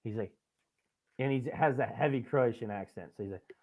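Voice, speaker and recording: Through tinny, phone-quality audio comes a young adult man hosting a podcast, his medium-pitched voice brisk and somewhat dark. He rambles through profane anecdotes in easygoing chat, laughing at his own stories.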